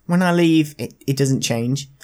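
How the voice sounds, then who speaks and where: A man's voice: medium pitch, a little slow, darkish tone. A young man in casual chat, rambling earnestly and trailing off into odd theories.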